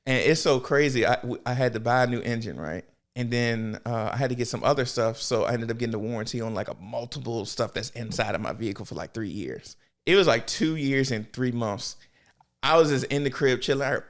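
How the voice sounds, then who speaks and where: A man co-hosting a podcast, telling stories in a casual, slangy, animated way, swearing freely and acting out quotes. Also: medium pitch, fairly quick. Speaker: podcast co-host. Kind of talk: casual storytelling chat.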